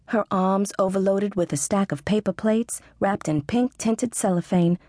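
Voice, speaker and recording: A woman's voice: medium pitch, darkish tone, no room sound, clean studio sound. A woman reading a first-person audiobook narration in a wry, sarcastic manner. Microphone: studio close mic.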